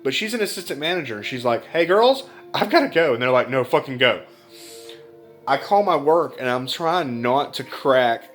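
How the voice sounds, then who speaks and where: Young adult male vlogger, blunt and profane, storytelling, mid pitch, light music bed. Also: fairly bright tone. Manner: blunt, heavy swearing, emotional retelling. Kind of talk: casual storytelling vlog.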